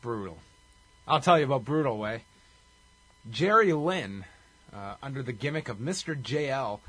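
A man's voice: mid-range voice, a bit bright, husky. A man co-hosting a casual podcast, recapping a wrestling show with a wry, chuckling delivery. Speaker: podcast co-host.

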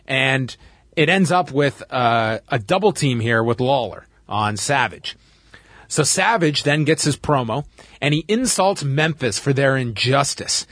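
A Canadian podcast host with a slightly high voice recaps events in animated, casual chat, laughing along as he goes. The recording is dry and studio quality.

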